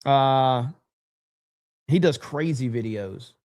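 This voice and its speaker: A man's voice: medium pitch, takes it slowly, a little mellow, no room sound, studio quality. A man hosting a livestream, chatting casually and reading viewer comments aloud, loose and rambling with lots of ums. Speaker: livestream host.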